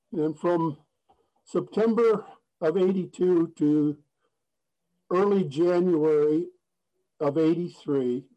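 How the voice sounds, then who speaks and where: Poor audio captures a fairly high, mellow male voice. At a recovery meeting, this man shares his story in an earnest, plain manner, restarting frequently and cracking a folksy joke.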